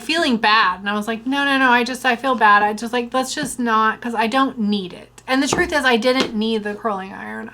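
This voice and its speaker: Young woman vlogger, bright forceful voice, slightly high, chatty storyteller. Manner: chatty, animated, lots of fillers and retold quotes. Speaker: beauty vlogger. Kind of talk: casual storytelling review.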